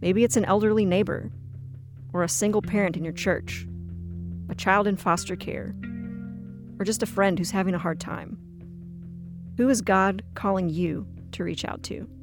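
Calm, inviting narrator for a devotional segment, mid-pitched. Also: moderate pace, long pauses, music in the background. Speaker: program narrator. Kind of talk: scripted narration.

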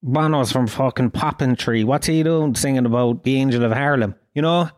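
A man in his thirties with a Dublin Irish accent, ranting and swearing on his own solo podcast, mock-indignant and animated. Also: medium pitch, moderate pace. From Ireland. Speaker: podcast host. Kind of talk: casual solo podcast rant.

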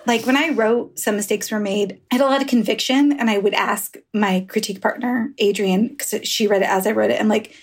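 A woman's voice: medium pitch, fairly even intonation, a little fast, few pauses, slightly rough. A woman author in a candid podcast interview, talking frankly and rambling through stories with easy laughs and the odd swear. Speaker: author guest.

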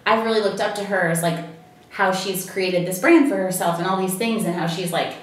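A woman's voice: fairly low pitch, fairly quick. A woman, co-hosting and telling stories animatedly, acting out the voices. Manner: animated storyteller, acts out dialogue. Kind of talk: casual chat, storytelling. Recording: very echoey, distant from mic.

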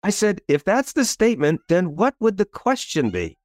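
A man's voice: high voice, moderate pace, dry recording, studio quality. A man, a coach and author, telling a story as an interview guest, acting out quotes and asking "right?" again and again. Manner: lively, acts out quotes, frequent "right?".

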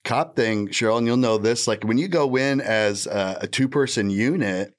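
A man's voice: mid-range voice, moderate pace. A man with a Midwestern American accent telling stories on a podcast in a laid-back, rambling way, laughing often. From Indiana, Midwest US. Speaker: podcast guest, former undercover cop. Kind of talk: casual storytelling.

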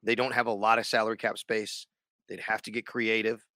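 A man's voice: fairly low pitch, little pitch movement, brisk, sharp tone, no echo, clean studio sound. A man co-hosting a sports podcast in casual chat, rambling and restarting his sentences. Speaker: radio sports show co-host.

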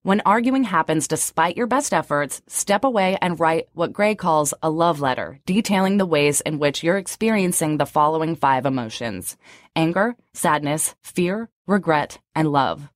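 Her voice sits low and sounds animated at a normal speed: a woman in her thirties co-hosting the show. Scripted summaries alternate with casual chat, where she slips into frequent "like" fillers. The recording is clean, studio-quality, and echo-free.

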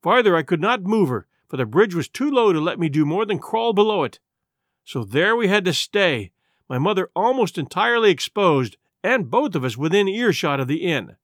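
Expressive, high-voiced male audiobook narrator. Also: moderate pace, no echo, clean studio sound. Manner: dramatic, expressive storytelling.

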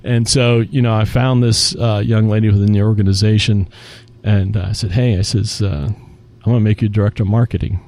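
Male guest, restaurant executive, warm low-key tone, lively storyteller who voices the people in his anecdotes. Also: moderate pace. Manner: animated storyteller acting out quoted dialogue. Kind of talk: casual interview storytelling.

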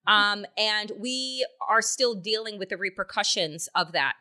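This woman's medium-pitched voice keeps a measured pace and a sharp tone as she hosts a political podcast. She offers angry, emphatic commentary, swearing heavily and asking rhetorical questions.

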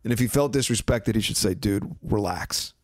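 A man hosting a sports podcast, talking casually and sarcastically, giving betting picks and mimicking others in quick asides. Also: medium pitch, dry recording, studio quality. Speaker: podcast host.

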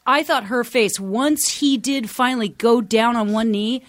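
Woman cohost, kinda high voice, dry close mic, blunt and sweary. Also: measured pace, no echo. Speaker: podcast co-host. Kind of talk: casual chat.

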